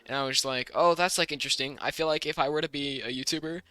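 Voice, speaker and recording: A young American man co-hosting a podcast in casual chat, rambling with many restarts and quick bursts of speech. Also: medium pitch, fairly even intonation, pushed and bright, no room sound. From United States. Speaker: podcast co-host.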